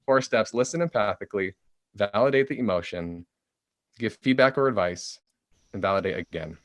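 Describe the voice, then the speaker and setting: A man's voice: on the low side, normal speed, no echo. Man explaining and acting out phrases. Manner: animated, acts out quoted phrases. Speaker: author and guest. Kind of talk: conversational explaining.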